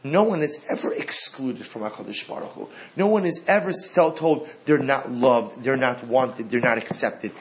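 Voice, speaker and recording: A man giving an animated Torah talk. He repeats phrases and swings from hushed to loud. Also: medium pitch, moderate pace, hardly any pauses.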